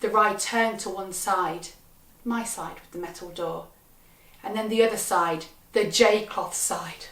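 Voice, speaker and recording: A woman comedian with a wry, deadpan delivery, telling a funny personal story. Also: mid-range voice, measured pace. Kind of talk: comic storytelling performance. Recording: echoey, from a distant mic.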